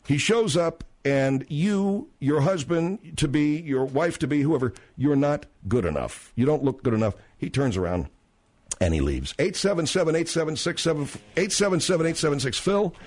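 A man's voice: on the high side, sing-song, normal speed, darkish tone. A man hosting a radio talk show, badgering and sarcastic with his guest.

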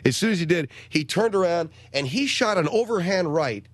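A man hosting a radio talk show, telling rambling stories and acting out quotes in a higher voice before reading announcements. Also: animated, moderate pace, no room sound. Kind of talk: casual radio chat and announcements.

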